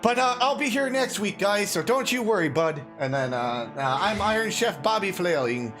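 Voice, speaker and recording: A man's voice: sits high, lively intonation, moderate pace, fairly bright tone, soft background music, voice pushed up. A man putting on a chummy Canadian accent for a friendly apologetic guy.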